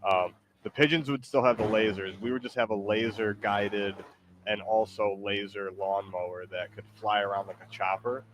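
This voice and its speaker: A man's voice: lowish voice, steady tone, moderate pace, background noise. A man streaming a video game and chatting casually, playful and rambling, with lots of fillers. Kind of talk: casual gaming chat.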